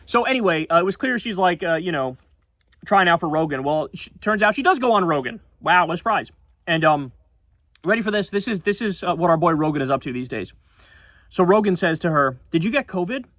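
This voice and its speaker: A man's voice: on the high side, expressive, brisk, fairly bright tone, dry recording. A man giving heated, sarcastic and profane political commentary in a video.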